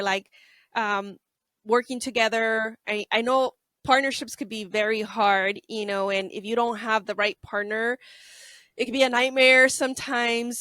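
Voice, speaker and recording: A woman's voice: on the high side, bright, forceful tone, no room sound, studio quality. A woman hosting a casual interview, chatty and affirming, often tagging her points with "right?" and "you know". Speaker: podcast host.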